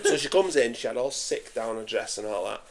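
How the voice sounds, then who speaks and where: A man, hosting a podcast and telling a sweary, animated story in casual chat. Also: medium pitch, fairly quick. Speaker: podcast host.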